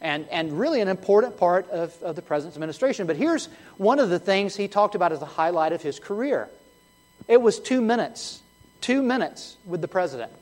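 A man preaching a sermon, earnest and emphatic, often restarting his words and swinging between loud and hushed. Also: high voice, animated, fairly quick. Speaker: pastor.

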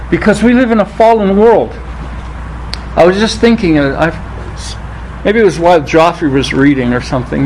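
A man preaching a sermon, reading scripture aloud and rising in pitch on the quoted lines, thinking aloud with restarts. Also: a little mellow, a little hiss or hum, low-quality recording. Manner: rises in pitch when quoting scripture.

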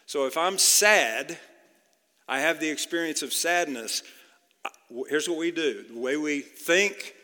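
A man preaching a sermon in a conversational way, often checking in with his listeners with a quick "okay?". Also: on the high side, sharp tone. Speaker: pastor. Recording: long hall reverb.

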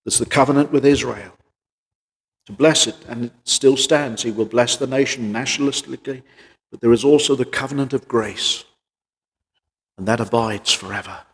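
The preacher is a man of medium pitch speaking at a normal speed, with a big-room sound around him. His earnest sermon leans on rhetorical questions and swings between strong emphasis and quieter sections.

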